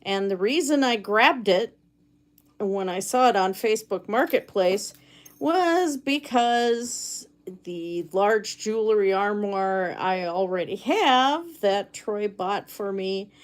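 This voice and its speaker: A woman speaks slowly but animatedly at a medium pitch as she crafts chainmaille jewelry on a live stream from her cabin at home. She keeps the chat casual and reads out comments from viewers.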